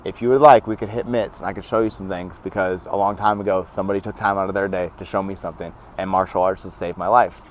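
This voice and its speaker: Young male guest, lower voice, lively anecdotes with acted-out quotes. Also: fast talker, hardly any pauses, slight background noise. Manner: animated, laughs often, acts out quoted dialogue. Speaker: podcast guest. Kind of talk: casual storytelling.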